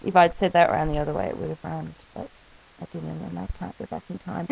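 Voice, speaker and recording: Talking fast in a low, steady, creaky voice that's husky and darkish, a woman rambles through a casual video diary about her life and illness. She's chatty and self-mocking, tossing in jokey asides, though the audio quality is poor.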